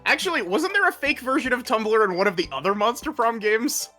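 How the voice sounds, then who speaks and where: An American woman chatting casually on a stream, relaxed and a bit halting as she laughs along. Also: a little high, soft background music. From United States. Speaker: streamer guest. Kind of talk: casual live-stream chat.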